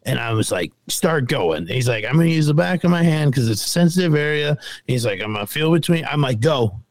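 Animated, swearing man telling a story. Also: medium pitch, fairly quick, dry recording. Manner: animated, profane, acts out other people's lines. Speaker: podcast co-host. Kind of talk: casual storytelling chat.

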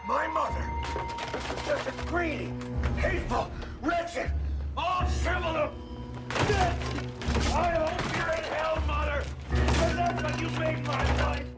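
A man's voice: extremely high pitch, slow. An actor playing a bitter middle-aged male late-night radio shock jock who rants venomously. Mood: bitter ranting. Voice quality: ranting, venomous. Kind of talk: TV drama acting. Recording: TV clip with music underneath.

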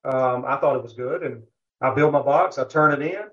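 A man's voice: mid-range voice, normal speed, fairly bright tone. A man, a guest on a barbecue podcast, telling a rambling story in a casual interview, full of fillers and asides. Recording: dull lo-fi audio.

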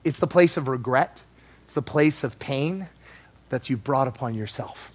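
A man preaching a sermon, animated and playful, acting out voices as he teaches. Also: mid-range voice, normal speed.

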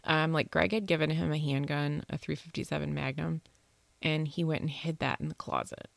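Low gravelly-voiced woman telling a spooky story. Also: moderate pace, no room sound. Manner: animated, swears freely, acts out quoted voices. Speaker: podcast host telling a ghost story. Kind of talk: casual storytelling chat.

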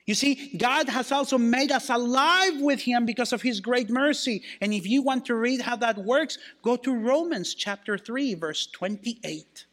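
High-voiced man preaching a sermon. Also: lively intonation, fairly bright tone. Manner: preaching, slowing down to stress key phrases. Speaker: pastor.

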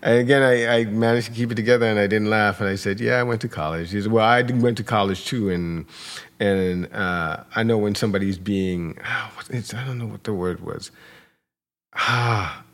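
A man's voice: on the low side, moderate pace, fairly bright tone. A man co-hosting a podcast, animatedly retelling a dispute with a neighbor and acting out both sides. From New York area. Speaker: podcast co-host. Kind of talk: storytelling in casual chat.

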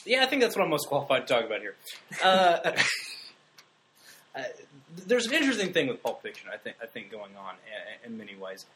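A man's voice: mid-range voice, wildly swooping pitch, fairly quick, sharp tone, a little hiss or hum, rough recording. A man co-hosting a film podcast, chatting casually and rambling with restarts. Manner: rambling, many restarts, joking. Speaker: podcast co-host. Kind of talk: casual chat.

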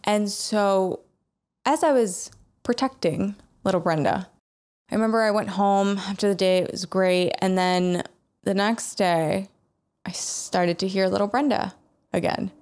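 A woman sharing a personal story in an earnest, emotional way, often restarting her sentences and laughing softly between thoughts. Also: medium pitch, measured pace.

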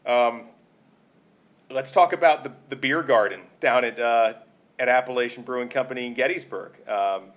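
A man's voice: mid-range voice, moderate pace, a bit bright, lo-fi sound. A man hosting a company podcast, chatty and joking, rambling a little as he moves between topics. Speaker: podcast host. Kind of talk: casual chat.

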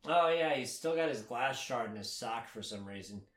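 A man's voice: medium pitch, animated, normal speed. A man recapping a story in casual, sarcastic chat, swearing often.

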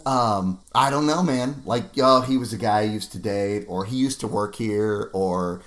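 A man's voice: lowish voice, unhurried, fairly bright tone. A man hosting a podcast, chatting casually with a friend, laughing often and cursing freely. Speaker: podcast host. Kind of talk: casual chat.

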